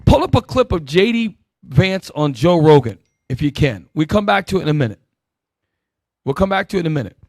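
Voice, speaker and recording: A man leading a Bible teaching sermon, calling out verses and swinging between loud emphatic bursts and low asides. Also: very animated, a little fast, no echo. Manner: calls out verses and directs helpers.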